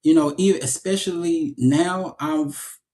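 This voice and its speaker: A man being interviewed as an actor, telling stories in a casual, animated way and often repeating his words as he goes. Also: fairly high pitch, slow pace.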